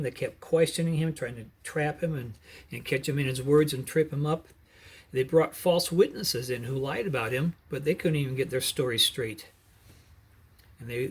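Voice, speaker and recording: A middle-aged preacher tells a Bible story in a husky voice, stopping now and then to explain the background. His pitch sits in the ordinary male range. He keeps an earnest, steady storytelling manner.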